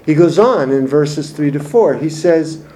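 A man's voice: on the high side, expressive, unhurried, mellow, slight background noise. A man teaching through a Bible passage in an expository sermon, speaking in an emphatic, explanatory way. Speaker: preacher.

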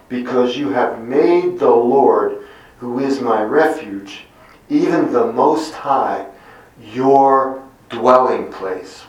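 A middle-aged man preaching a Bible teaching sermon, deliberate and lingering on single emphatic words. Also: mid-range voice. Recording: very echoey room, mic at a distance.

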